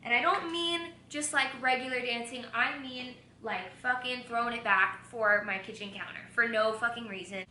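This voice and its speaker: A woman's voice: a little high, moderate pace, few pauses, bright, forceful tone, a little hiss or hum. Giggly, foul-mouthed young woman in an echoey kitchen. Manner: candid, giggly and profane. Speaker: vlogger. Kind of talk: casual chat. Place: home kitchen.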